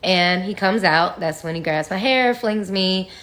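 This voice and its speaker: A woman speaks a little slowly in a medium-pitched, fairly bright voice, telling viewers her own story directly. Her manner is candid and frank, with some swearing and conversational fillers.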